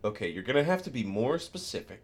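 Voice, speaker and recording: A man with a low voice that swings widely in pitch, chatting casually as a podcast co-host. He gets excited telling stories and laughs often. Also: fast. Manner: animated, laughs often, storytelling with bursts of excitement. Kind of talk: casual chat.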